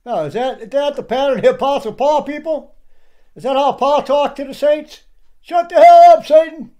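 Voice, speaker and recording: A man's voice: very high voice, fairly quick, mellow. A man giving indignant, preachy commentary over clips and firing off rhetorical questions. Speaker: online commentator.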